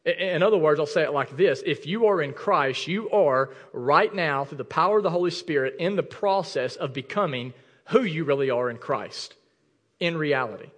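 A man in his thirties preaching a sermon in a church, swinging from near shouts down to low, intimate asides. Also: normal speed, long reverb tail. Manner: impassioned, rising to near shouts then dropping low and intimate. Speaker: pastor. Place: church sanctuary.

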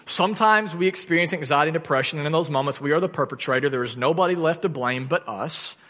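A man in his thirties preaching a sermon, telling a personal story in an earnest, animated way that falls to quiet intensity. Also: a little high, fast talker. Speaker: pastor. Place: church sanctuary. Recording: church hall reverb.

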